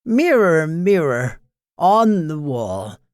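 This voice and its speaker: A narrator voicing a queen full of regret who speaks in a hushed, trembling way, in a bedtime story. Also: mid-range voice, very animated, slow pace, dry recording, studio quality. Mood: hopeful. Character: repentant queen, tearful and hushed.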